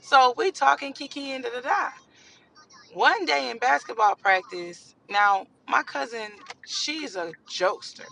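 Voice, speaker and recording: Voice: high-pitched, a little slow, gravelly, a little hiss or hum, low-quality recording. A young adult telling a casual storytime, acting out each person's lines with lots of energy. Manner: animated, acts out dialogue, rises to near shouts. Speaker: storytime vlogger.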